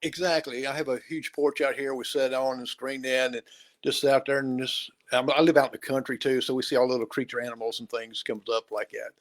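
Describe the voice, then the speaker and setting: A male talk show host chats with his guest in a halting, stammering way. His voice sits at a middle pitch for a man. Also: flat delivery. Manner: halting, stammering, with many restarts and fillers. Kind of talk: casual interview chat.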